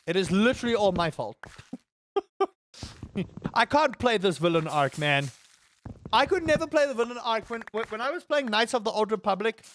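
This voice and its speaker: A man's voice: high-pitched, a bit bright, a little hiss or hum. A man streaming a game live, chatting with viewers in a sarcastic, rambling way full of stammered fillers.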